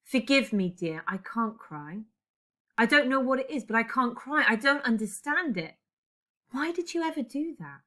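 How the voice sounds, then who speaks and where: A woman's voice: on the high side, sing-song, moderate pace, sharp tone, voice pushed up. A woman reading a play aloud, voicing a grieving middle-aged wife who pleads, repeats herself and breaks into sobs. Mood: bewildered grief.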